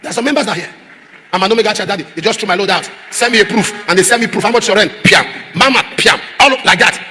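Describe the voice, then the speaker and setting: A man preaching a sermon as pastor, repeating refrains and rising to shouts. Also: high-pitched, very fast, husky. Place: large church auditorium. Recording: echoey church hall.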